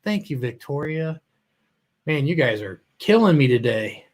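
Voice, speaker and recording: A man's voice: on the high side, very animated, measured pace, darkish tone. A man hosting a casual live stream, greeting viewers by name, a little choked up and often trailing off mid-sentence. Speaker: livestream host.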